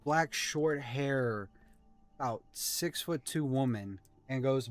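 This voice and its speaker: A man's voice: mid-range voice, takes it slowly, faint music behind. A man narrating a tabletop game as game master, loose and rambling with many restarts.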